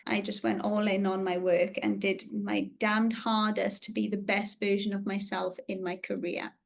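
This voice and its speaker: A woman's voice: mid-range voice, flat delivery, normal speed, creaky. A woman in her thirties, a podcast host telling a personal story in a candid, confessional and emotionally open way.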